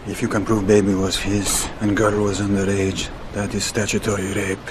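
An actor playing a cold Russian mob driver with a Russian accent, terse and guarded. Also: male voice, on the low side, completely flat delivery, normal speed, close to an everyday voice. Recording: film scene with ambient noise.

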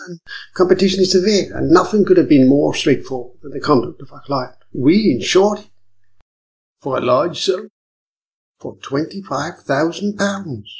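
A man's voice: fairly high pitch, gravelly, voice pushed up, poor audio. A man voicing a cautious, prim middle-aged English insurance man who keeps insisting he accuses no one. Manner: insistent, prim, protesting innocence.

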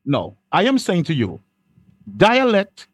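A man's voice: high voice, wildly swooping pitch, takes it slowly, husky. A man hosting a panel discussion who steers the talk and often repeats his phrases. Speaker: host.

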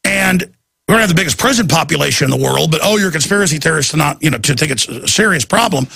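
A man rants urgently through a talk radio monologue. His voice is raspy and gravelly, with a bright, forceful push, and it sits a little higher than most. The sound is dry and close, with faint music underneath. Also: lively intonation, no room sound. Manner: rapid, urgent, ranting delivery. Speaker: radio talk show host.

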